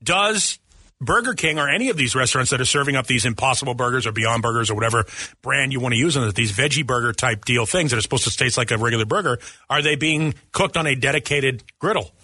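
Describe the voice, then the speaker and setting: A man's voice: medium pitch, fast, pushed and bright, husky, no room sound. A man co-hosting a radio talk show, joking and chatting casually while eating on air in the studio. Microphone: studio microphone.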